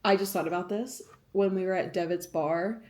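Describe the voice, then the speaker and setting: A woman's voice: lowish voice, steady tone, moderate pace, a little mellow. A woman in her late twenties from New York, hosting a vlog and chatting casually, swearing freely. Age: late 20s. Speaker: vlog host. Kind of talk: casual chat. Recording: roomy echo.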